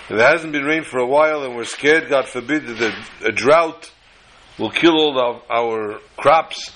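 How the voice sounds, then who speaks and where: A man voicing a patient, kindly older rabbi who speaks in a gentle, reassuring way. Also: medium pitch, slight background noise, low-quality recording.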